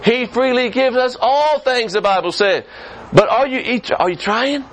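A man preaching a sermon as pastor of a church, swinging from quick high rises down to low, slow stretches. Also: a bit bright, a little hiss or hum, poor audio. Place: church sanctuary.

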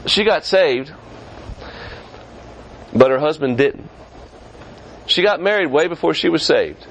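Pastor guy preaching in church, kinda high voice, pitch jumps up and down a lot. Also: animated, a bit bright, a little hiss or hum, rough recording. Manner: preaching with quick rises and drops in pitch. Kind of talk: sermon. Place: church sanctuary.

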